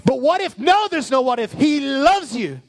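High-voiced impassioned male pastor. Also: very animated, moderate pace, no echo. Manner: impassioned preaching with sudden soft, low drops. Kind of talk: sermon.

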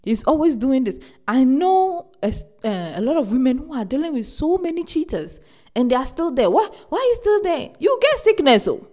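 Lively, emphatic young woman podcaster. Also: high voice, moderate pace. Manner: animated and emphatic, repeats words for stress. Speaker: podcast host. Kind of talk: casual relationship advice monologue.

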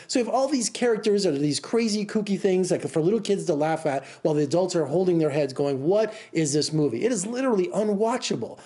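A man's voice: a little high, darkish tone. A middle-aged man reviewing a film in a casual, rambling way, exasperated and full of restarts. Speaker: film critic. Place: Las Vegas.

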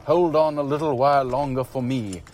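A man voicing a dominant male lover who speaks in a low, firm, controlled way. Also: fairly even intonation, moderate pace, darkish tone, close to an everyday voice. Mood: commanding.

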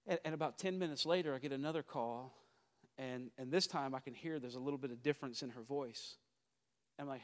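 Southern pastor preaching in a reverberant hall. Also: male voice, mid-range voice, fast. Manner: preaching with swells from quiet storytelling to loud exhortation. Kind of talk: sermon.

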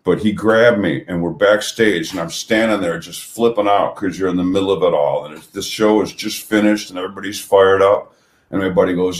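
A man's voice: low voice, normal speed, roomy sound. A middle-aged man telling loose, profane stories from his past in casual chat as a guest musician.

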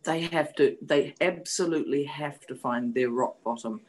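A woman in her fifties tells her own story with raw frankness. She swears without apology and circles back on key phrases, hammering them home. Her voice sits low for a woman. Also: moderate pace, rough recording. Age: 50s. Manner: frank and emotional, repeats phrases for emphasis; blunt, swears freely. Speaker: guest. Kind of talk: candid personal storytelling. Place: New Zealand.

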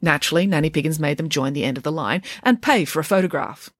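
A woman narrating a children's storybook in an expressive, playful way. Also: deep voice, quick pace, no echo, clean studio sound.

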